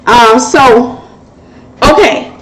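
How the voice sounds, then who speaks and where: A woman's voice: a little high, very slow, background noise. A middle-aged woman hosting a Christian relationship Q&A, giving casual testimony and advice in a candid, joking way and laughing at herself.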